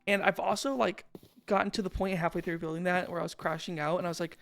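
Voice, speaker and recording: A man's voice: sits high, a little fast, gravelly, fairly bright tone. A young man giving casual, rambling commentary over his own game footage, slangy and self-deprecating. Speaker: gaming channel host.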